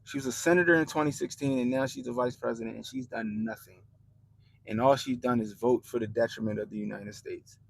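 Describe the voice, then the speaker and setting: A young man hosting a livestream, ranting bluntly and profanely about politics to his chat in animated slang. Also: medium pitch, a little fast, vocal fry, low-quality recording. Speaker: livestream host.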